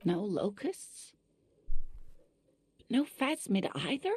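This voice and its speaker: A man voicing an eager female cryptozoologist in a hushed, breathy put-on voice. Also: high voice, very animated, slow, no echo, pitched above the performer's own voice, exaggerated voice.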